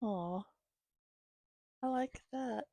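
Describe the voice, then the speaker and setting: Slow, gravelly-voiced woman chatting. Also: a little high, dark tone, dry recording. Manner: chatty, giggly, many fillers. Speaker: channel host reading to her cats. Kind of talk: casual chat showing gifts to viewers. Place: home, reclining.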